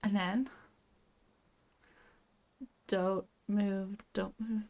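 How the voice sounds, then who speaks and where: A woman's voice: mid-range voice, little pitch movement, very slow, vocal fry, darkish tone. A young woman streaming a game live, coaching herself through tense moves and chatting back to her viewers. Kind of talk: casual live gaming stream.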